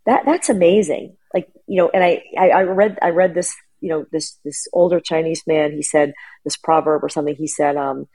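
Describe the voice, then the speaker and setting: A woman's voice: low-pitched, fairly even intonation, moderate pace, warm tone, husky, rough recording. A middle-aged woman chatting casually as a guest, telling a long family story with lots of restarts and fillers. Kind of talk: casual chat.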